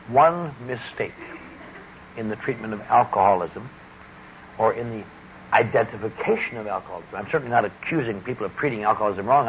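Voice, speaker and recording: A middle-aged man speaking deliberately and wryly, giving a personal testimony talk about recovery. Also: medium pitch. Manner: deliberate, wry, emphatic speaking. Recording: dull lo-fi recording with faint hiss.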